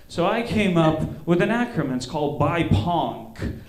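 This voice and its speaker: A man's voice: high-pitched, expressive, moderate pace, darkish tone. A man doing stand-up on a comedy club stage, loose and rambling, swearing often. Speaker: comedian and show host. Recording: roomy club sound, live stage mic.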